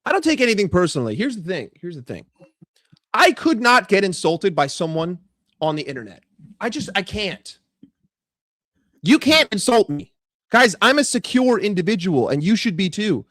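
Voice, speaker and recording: A young man ranting casually about football in a vlog, swearing freely and talking in a chatty, animated way. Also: sits high, normal speed, no echo, studio quality. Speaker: football vlogger.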